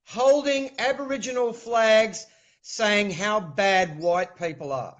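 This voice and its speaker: This man, a livestream guest from New Zealand, speaks with a New Zealand accent in a high, fairly bright voice at a slow pace. He talks earnestly in a casual call-in chat, often saying "mate," over dull lo-fi video call audio.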